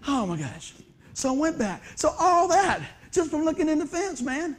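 A man preaching a humorous storytelling sermon in a church, animated and laughing often, breaking into excited whoops. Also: very high voice, normal speed, a little hiss or hum. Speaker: pastor. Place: church sanctuary before a congregation.

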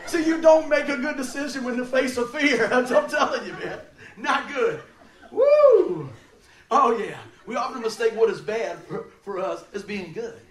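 A man giving a sermon, telling stories in an animated way and laughing often as he talks. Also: very high-pitched, normal speed. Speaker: preacher. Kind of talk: storytelling sermon. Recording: roomy sound, mic at a distance.

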